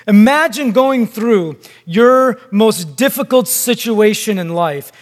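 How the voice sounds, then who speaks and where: A man preaching a sermon in a deliberate, emphatic way, with long pauses between phrases. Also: high voice. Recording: long hall reverb.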